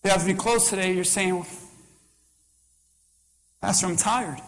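High-pitched male pastor delivering a fervent, repetitive sermon in a reverberant hall. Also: fairly even intonation, takes it slowly, a bit bright. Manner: impassioned, repetitive preaching cadence.

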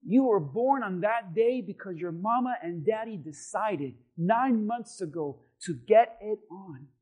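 A man preaching a sermon as pastor, building to shouted emphasis. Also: sits high, expressive, measured pace.

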